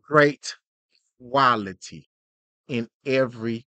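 A man's voice: medium pitch, slow, no room sound. A man co-hosting a podcast in casual, slangy chat, playing out little skits as he talks. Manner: animated, slangy, plays out skits. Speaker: podcast co-host.

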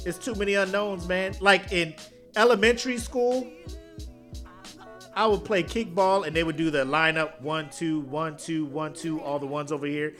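A man co-hosting a podcast in casual chat, slangy and profane, animated and acting out what people said. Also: high-pitched. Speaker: podcast co-host.

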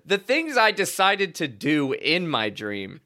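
A young man telling stories in casual chat, slangy and animated, acting out what he said with big bursts of excitement. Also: fairly high pitch, slow pace. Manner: animated storyteller, slangy, acts out quotes loudly.

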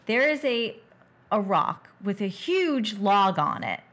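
A woman's voice: medium pitch, sing-song, slow pace, fairly bright tone. A woman co-hosting a podcast, recapping a movie's plot in a chatty way with casual restarts. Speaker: podcast co-host. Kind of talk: casual movie-review chat.

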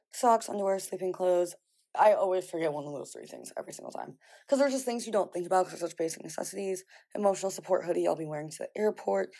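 A woman's voice: on the low side, mellow. A young woman from the American Midwest, chatting casually to the camera in a vlog, scattered and exasperated, with lots of "like" fillers. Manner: frequent "like" fillers. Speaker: vlogger.

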